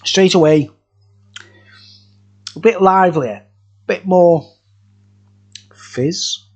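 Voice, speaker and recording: A man's voice: high-pitched, drawn-out words, breathy edge. A man, reviewing beer in a rambling, jokey, profane casual chat. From England.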